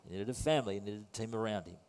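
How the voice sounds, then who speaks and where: A man's voice: lowish voice, very fast, a little mellow. A man preaching a sermon in a conversational, wry and self-deprecating way. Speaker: pastor. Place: church. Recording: long reverb in a church hall.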